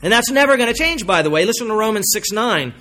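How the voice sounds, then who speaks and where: A man preaching a sermon as pastor, emphatic, slowing down to stress key phrases and swinging between forceful and quiet passages. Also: high-pitched, lively intonation.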